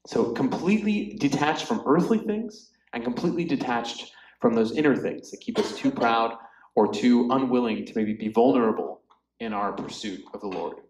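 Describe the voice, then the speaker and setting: A man's voice: mid-range voice, lively intonation, normal speed, darkish tone. A man leading a Bible study in a loose, chatty way, full of fillers and asides. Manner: chatty, filler-heavy, often laughs. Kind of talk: casual Bible study teaching. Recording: echoey room.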